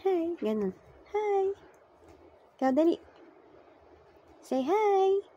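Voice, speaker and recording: A woman's voice: extremely high pitch, sing-song, takes it slowly, warm tone, dull audio. A woman with a Filipino accent, coaxing and encouraging a small child in a home video. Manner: sing-song, coaxing and encouraging. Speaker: caregiver teaching a toddler.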